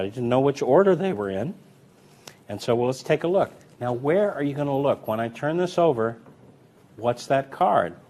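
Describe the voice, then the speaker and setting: A man teaching card magic in a relaxed, chatty way, full of fillers and restarts while he demonstrates. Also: medium pitch. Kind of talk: demonstrating and explaining card technique.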